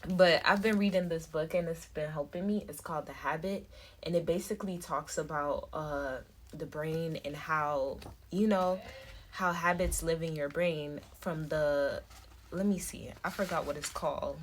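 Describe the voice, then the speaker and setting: A woman's voice: low-pitched, moderate pace, a little hiss or hum. A woman vlogger talking casually to her phone camera, rambling with many fillers and restarts.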